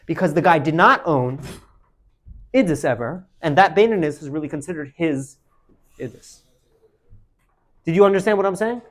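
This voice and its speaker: High-voiced man teaching a lively class. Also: moderate pace, long pauses. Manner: animated, calls on students by name and presses them with questions. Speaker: Talmud teacher. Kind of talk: classroom Talmud lesson. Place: classroom with students.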